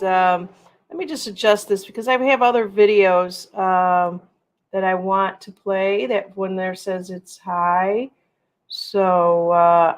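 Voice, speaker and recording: A middle-aged woman hosting a casual livestream, rambling and reading out viewer comments. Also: mid-range voice. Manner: rambling, chatty, reads viewer comments aloud. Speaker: livestream host.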